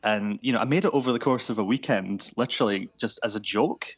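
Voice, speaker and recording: A man interviewed on radio about a chatbot he made, talking in an enthusiastic, animated way. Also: lowish voice, fast talker, slightly rough, no room sound, highs cut off. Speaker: guest, chatbot creator.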